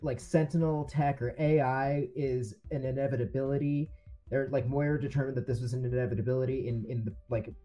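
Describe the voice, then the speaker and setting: A man's voice: medium pitch, steady tone, brisk, dark tone. A man co-hosting a casual comics chat, earnest and enthusiastic. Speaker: comics podcast co-host.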